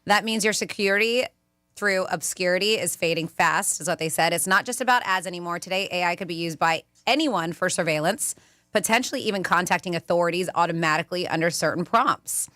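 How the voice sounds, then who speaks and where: Woman, radio co-host, chatty, lowish pitch, bright crisp tone. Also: fairly quick, no echo, clean studio sound. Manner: chatty, reads news items and listener texts on air. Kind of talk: casual talk radio banter. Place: radio studio. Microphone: studio microphone.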